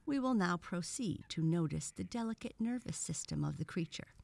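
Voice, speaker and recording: A woman's voice: lowish voice, expressive, moderate pace, gravelly, a little mellow. A woman voicing a pompous male frog professor who lectures in a formal, stern way. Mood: lecturing.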